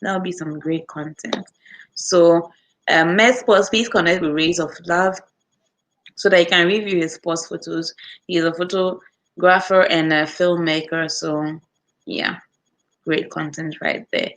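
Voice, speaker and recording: A Ghanaian customer service worker vlogs in Ghanaian English, answering viewer comments in chatty, animated fashion. With her lower voice, she tells stories by acting out customers, switching voices quickly and laughing.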